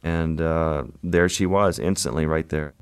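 A man, a wildlife photographer, being interviewed and telling a vivid, unhurried story about his work. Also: rumbling low, fairly even intonation.

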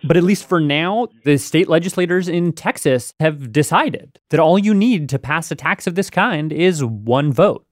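A man's voice: on the high side, expressive, normal speed, hardly any pauses, no room sound. Male radio host telling a story. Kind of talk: scripted radio narration.

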